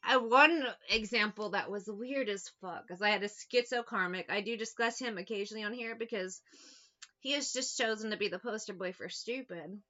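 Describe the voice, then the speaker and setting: Tarot lady ranting blunt and sweary, really bright voice, kinda muffled lo-fi audio. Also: medium pitch, moderate pace. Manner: blunt and profane, tells anecdotes. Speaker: tarot reader. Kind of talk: casual straight-to-camera monologue.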